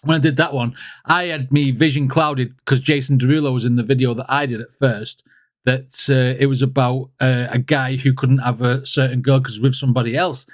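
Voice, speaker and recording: A man's voice: mid-range voice, steady tone, moderate pace, no room sound, studio quality. A man hosting a music reaction video, chatting casually and rambling, with lots of fillers.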